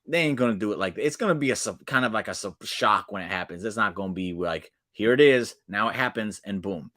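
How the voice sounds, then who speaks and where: Excitable low-voiced man recapping wrestling. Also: fast. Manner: excitable, swings loud and soft, restarts often. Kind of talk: casual solo recap.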